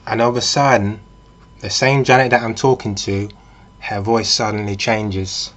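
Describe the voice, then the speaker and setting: A man's voice: on the low side, steady tone, normal speed, a bit bright, highs cut off. A man vlogging in a casual monologue, walking through hypothetical scenarios in a conversational way. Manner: conversational, with frequent fillers and restarts.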